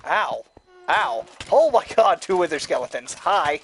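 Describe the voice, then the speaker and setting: A man's voice: high-pitched, wildly swooping pitch, a little slow, gravelly, a bit bright, slight background noise. A man playing a game with friends, wisecracking and blurting reactions. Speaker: co-player. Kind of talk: casual gaming chat.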